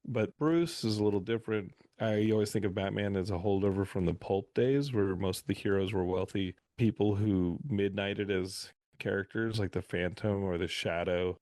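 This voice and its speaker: A man on a podcast as a guest, telling animated stories in a casual interview. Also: fairly low pitch, moderate pace, hardly any pauses, no room sound. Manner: animated anecdotal storyteller.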